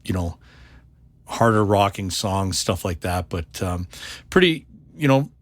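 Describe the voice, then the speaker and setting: A man's voice: low-pitched, lively intonation, a little slow, no room sound. Stammering man hosting a podcast. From Canada. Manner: stammering, repeats words while thinking. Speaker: podcast host. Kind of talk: casual chat.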